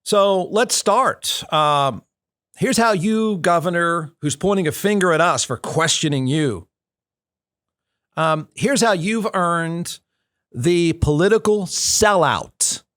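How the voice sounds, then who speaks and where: An American male talk show host delivers snarky, combative political commentary, repeating phrases to hammer his points home. His voice is high and fairly bright, and he takes it slowly, in clean studio sound with no room sound.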